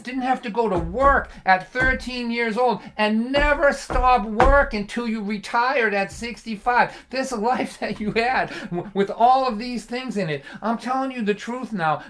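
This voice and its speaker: A man playing his own tough older working-class father, speaking in a slow, measured way as he leans in close. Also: high voice, fairly bright tone, pitched above the performer's own voice.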